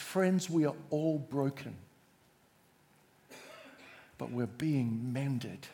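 A man preaching a sermon to a congregation, measured and emphatic, drawing the listeners in. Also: medium pitch, gravelly, mellow.

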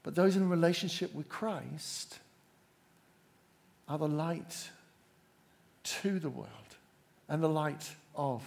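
A man preaching a sermon to a congregation, measured and emphatic, drawing the listeners in. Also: on the high side, creaky, darkish tone.

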